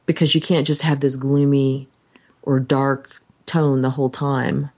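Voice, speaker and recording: Low-pitched woman, podcast co-host, chatty animated storyteller who acts out quotes. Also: measured pace. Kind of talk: casual chat.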